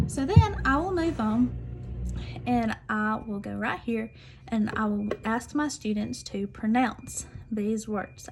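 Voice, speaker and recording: A woman teacher demonstrating literacy activities, speaking clearly and deliberately and sounding out word parts slowly. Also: a little high, background noise. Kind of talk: instructional demonstration.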